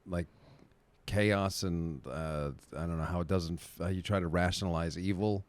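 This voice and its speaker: A man speaking as a podcast guest from a basement, soft-spoken and gentle, hesitant, with many fillers. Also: low-pitched, fairly even intonation, normal speed. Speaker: guest comedian. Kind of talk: casual chat.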